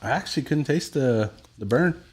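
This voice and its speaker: A man with an ordinary mid-range voice hosting a relaxed live show. He jokes around, reads out viewer comments and thanks people for joining. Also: medium pitch, moderate pace, husky. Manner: joking, easygoing, thanks viewers. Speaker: podcast host. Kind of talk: casual chat, reading live comments.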